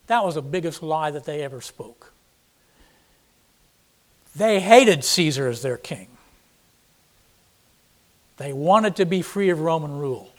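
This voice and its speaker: A man with a fairly high voice and lively intonation preaches an expository sermon, reading scripture and explaining it in blunt, plain paraphrase. He is unhurried with long pauses, yet dramatic, acting out quoted speakers with sudden loud emphasis on their lines.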